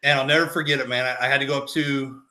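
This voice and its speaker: A man's voice: mid-range voice, steady tone, quick pace, bright, forceful tone. A man hosting a podcast and trading army stories in casual chat, eager and laughing along. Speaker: podcast host, former army dog handler.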